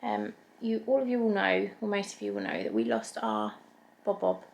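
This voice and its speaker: A woman in her thirties with a British accent, vlogging at home in a soft, emotional way and coaxing her cats. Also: mid-range voice, big pitch swings, normal speed, creaky, a little hiss or hum. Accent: British English. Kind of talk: casual chat to camera.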